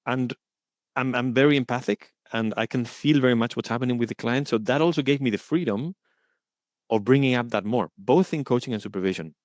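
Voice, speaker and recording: A man speaking as the guest in an interview, earnest and thoughtful, often pausing to search for his words. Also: mid-range voice, no room sound. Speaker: guest coaching supervisor. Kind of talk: reflective interview talk.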